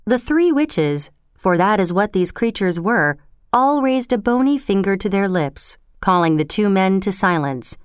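A woman reads a story aloud in a measured, clear storytelling manner. Her voice is smooth and resonant, at a mid pitch. The recording is dry and close. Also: big pitch swings, no echo. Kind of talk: storybook narration.

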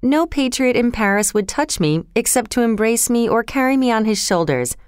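A woman doing an old doctor, calm and sure. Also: very high voice, normal speed, clear, resonant tone, no room sound, clean studio sound, pitched above the performer's own voice. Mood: confident. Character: elderly male doctor, former prisoner, calm and certain.

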